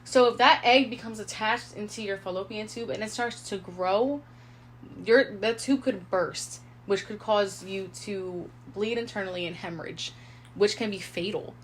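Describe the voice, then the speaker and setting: A woman's voice: medium pitch, normal speed, a little hiss or hum. Chatty young woman telling a story. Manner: chatty, heavy use of "like", animated retelling with quoted inner thoughts. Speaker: podcast co-host. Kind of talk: casual storytelling chat.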